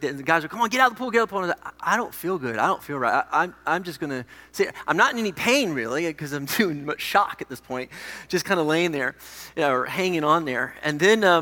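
Bright-voiced pastor in his forties. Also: on the high side. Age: 40s. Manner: conversational, self-deprecating storytelling. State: recovering from a head injury. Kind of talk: sermon with a personal story. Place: church hall. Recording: echoey hall.

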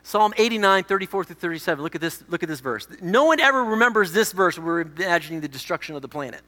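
A male pastor delivers a sermon with a bright, ringing tone, leaning hard into emphatic lines and then dropping to quiet asides. His voice echoes with a long reverb across a church sanctuary. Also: sits high, animated, fast talker. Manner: emphatic, swings between loud declarations and quiet asides.

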